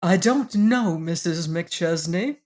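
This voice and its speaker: A woman voicing a young male company heir in an audiobook, dry, curt and quiet. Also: on the low side, expressive, slow pace. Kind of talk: audiobook character reading.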